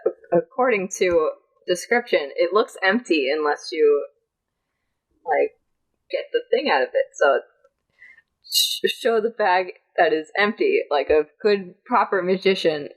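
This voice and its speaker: A woman's voice: fairly low pitch, lively intonation, unhurried, poor audio. A woman playing in a tabletop role-playing game, describing her character's actions with many fillers and laughs. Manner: rambling, giggly, many fillers. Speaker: player.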